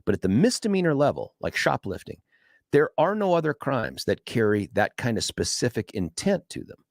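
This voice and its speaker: A man's voice: medium pitch, big pitch swings, normal speed, no room sound, studio quality. A man hosting a talk radio show, telling a story in a monologue and acting out the voices of the people he quotes.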